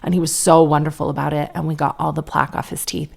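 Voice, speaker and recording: A woman's voice: deep voice, level tone, quick pace, creaky, darkish tone. A woman in her thirties hosting a podcast, telling a long family story in a chatty way, full of "like" and acted-out quotes. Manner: chatty, lots of "like", acts out quotes. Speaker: podcast host. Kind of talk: casual solo storytelling.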